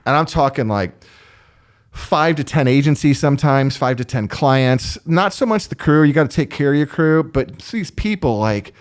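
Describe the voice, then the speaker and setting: A man, a guest line producer, telling animated stories in casual chat with many restarts. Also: fairly high pitch, normal speed, clean tone. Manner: animated, acts out voices in anecdotes, frequent restarts.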